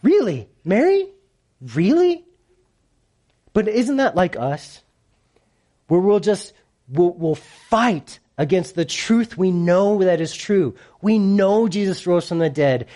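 Animated male preacher. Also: sits high, slow pace. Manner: animated, playful, swings from hushed to loud. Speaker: pastor. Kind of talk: sermon.

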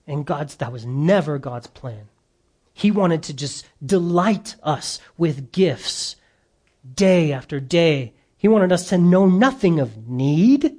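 A man preaching a sermon, earnest and emphatic, lifting his voice for stress and slowing on key phrases. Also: fairly high pitch. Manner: earnest, emphatic, with lively rises and drawn-out slow phrases. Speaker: pastor.

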